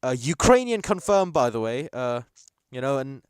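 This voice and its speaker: A man's voice: mid-range voice, moderate pace, background noise. A young man chatting casually while hosting a live football watchalong, rambling and reacting to the match. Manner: casual, rambling, bursts into excited shouts at chances. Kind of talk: live match commentary chat.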